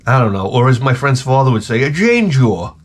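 A man's voice: mid-range voice, big pitch swings, fairly quick. A middle-aged man, host of his own channel, telling rambling comic stories in a profane, ranting way. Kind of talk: rambling comedic monologue.

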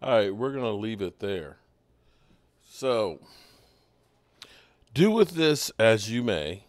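Man, low voice, sports podcast host, casual commentary, thinks aloud, dry close sound. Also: very animated, slow, no room sound. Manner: conversational, thinking aloud with restarts.

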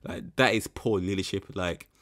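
A man's voice: deep voice, fairly even intonation, moderate pace, a bit bright. A young man giving rambling, frank commentary in a casual reaction video. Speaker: reaction channel host.

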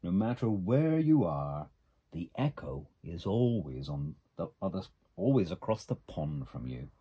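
A man voicing a wise, calm old male beaver in a children's storybook, speaking slowly and gently as he explains. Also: low voice, breathy edge, voice pushed down, exaggerated voice. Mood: gentle.

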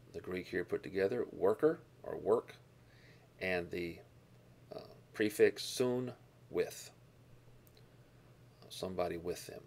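Low gravelly male Bible teacher. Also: a little mellow. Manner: deliberate, explaining Greek words, stresses key words. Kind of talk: Bible lesson lecture.

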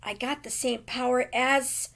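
A woman reading aloud and voicing a brave but lonely young girl who misses her mother, speaking quietly and haltingly. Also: high-pitched, fairly even intonation, creaky, heavily acted. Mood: tender. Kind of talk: reading a children's novel aloud.

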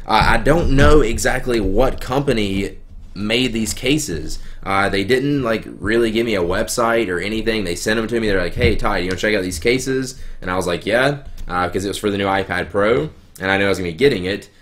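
A young man with a Southern US accent, a little sick, rambling excitedly through a live unboxing at home. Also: lowish voice, fairly quick. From American South. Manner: rambling, filler-heavy, excitable. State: sick, coughing. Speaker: YouTuber. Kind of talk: live-streamed unboxing chat. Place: home room, girlfriend nearby. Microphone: webcam.

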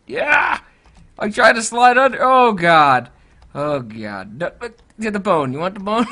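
A gamer giving let's-play commentary, swearing, yelling and laughing at the game. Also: medium pitch, big pitch swings, unhurried.

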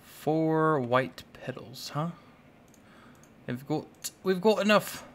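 In this casual Let's Play, a young male YouTuber talks through his own gameplay, playfully scolding the in-game animals and mumbling to himself. He speaks slowly in a slightly high voice with lively intonation.

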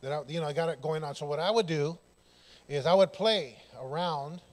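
A man preaching a church sermon, telling personal stories in an animated way and acting out the dialogue. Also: on the high side, brisk. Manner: animated, loud bursts, laughing, acts out dialogue. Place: church sanctuary.

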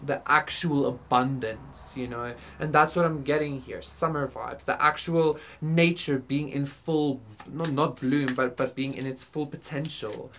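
A woman's voice: extremely low pitch, fairly even intonation, a little slow, few pauses, fairly bright tone, a little hiss or hum. A woman doing a casual tarot reading, rambling with many fillers and casual swearing. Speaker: tarot reader. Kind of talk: casual spiritual reading to camera.

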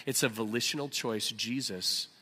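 A man preaching a sermon as pastor, animated and emphatic, with loud acted outbursts and a hushed, prayerful close. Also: medium pitch, moderate pace, husky. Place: church sanctuary. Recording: church hall with long reverb.

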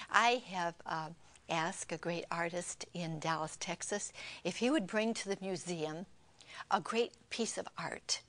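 Older woman giving a hushed, heartfelt testimony. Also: on the low side. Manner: heartfelt, often dropping to an unvoiced whisper. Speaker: co-host of a Christian television program. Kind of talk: personal testimony to a television audience.

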